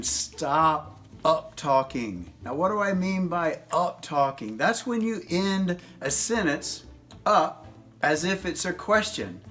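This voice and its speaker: A man's voice: fairly high pitch, a bit bright. A man in his fifties hosting an advice video, lecturing young people in a teasing, jokey way. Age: 50s. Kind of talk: casual advice monologue.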